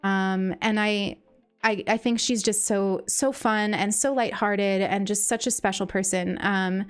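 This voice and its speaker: A woman's voice: medium pitch, steady tone, measured pace, smooth. Female streamer, casual and effusive, stumbles over words, light music bed behind. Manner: gushing and grateful, many ums and restarts. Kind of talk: casual live-stream chat.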